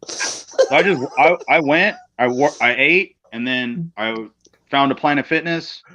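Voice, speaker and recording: A man's voice: mid-range voice, a little slow, noisy background. A man, a guest wrestler, telling a road story in casual chat, blunt and profane, acting out the other people in quotes. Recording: slightly dull lo-fi sound.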